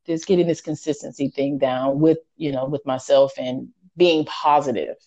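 A woman's voice: rumbling low, steady tone, moderate pace, warm tone, no room sound. A woman co-hosting a podcast who talks candidly and reflects on herself in casual chat. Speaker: podcast co-host.

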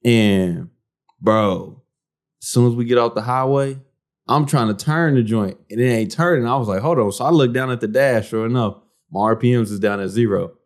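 Male podcast co-host, mid-pitched, relaxed slangy storyteller, casual chat. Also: moderate pace. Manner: laid-back, slangy, peppers lines with "bro" and "man".

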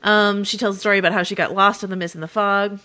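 A woman's voice: medium pitch, flat delivery, fast talker, bright, forceful tone. A woman hosting a casual podcast chat, talking with lots of fillers and frequent laughter. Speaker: podcast host.

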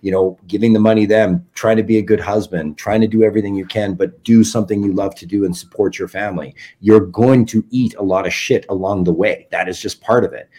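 A man in his forties, a documentary filmmaker, chatting as an interview guest and telling animated stories while acting out quoted dialogue. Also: lowish voice, brisk, slightly rough. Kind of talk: casual interview storytelling.

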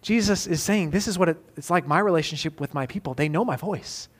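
A man, likely in his thirties, preaching a sermon as pastor, moving between emphatic loud peaks and soft, intimate questions. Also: fairly high pitch, a little fast, breathy edge.

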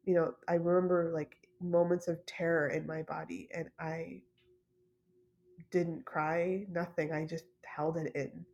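Casting note: woman, low and even-toned, soft and halting, personal storytelling with many fillers. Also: dull audio. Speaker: podcast host.

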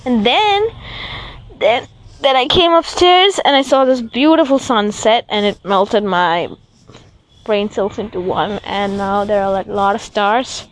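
A woman's voice: medium pitch, measured pace. Chatty young woman venting. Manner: animated, swears casually, acts out quoted voices. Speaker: vlogger. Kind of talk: rambling storytime vlog. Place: rooftop at night.

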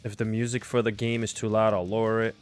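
A man's voice: on the low side, flat delivery, fast talker, clean tone, faint music behind. A young man hosting a casual livestream, chatty and self-deprecating, with lots of fillers. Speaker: livestream host.

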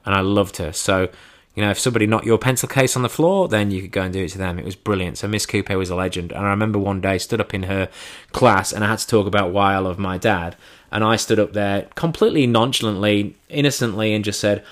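A man's voice: fairly low pitch, a bit bright. An English man in his thirties telling comic stories in a dry, self-mocking way, swearing casually. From England. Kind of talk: comic storytelling.

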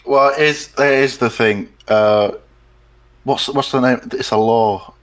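A man's voice: mid-range voice, measured pace, a bit bright. A man co-hosting a casual fan podcast, blunt and jokey, swearing freely. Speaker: podcast co-host.

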